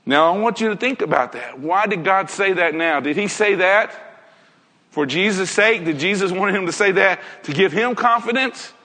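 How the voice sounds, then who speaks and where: A man with a high-pitched voice preaches an earnest sermon to his congregation. He keeps asking his listeners rhetorical questions. His voice rings out with a long reverb, as if he were in a large church hall. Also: expressive, normal speed, pushed and bright.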